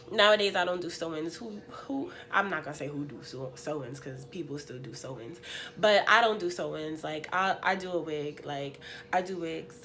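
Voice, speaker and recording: A young woman vlogger, sniffly and unwell, telling a story in an animated, slangy, emphatic way. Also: fairly low pitch. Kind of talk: story time.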